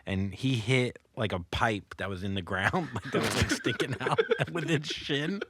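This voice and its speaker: A male comedian telling stories in a casual podcast chat, animated, laughing and swearing often. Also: medium pitch, measured pace.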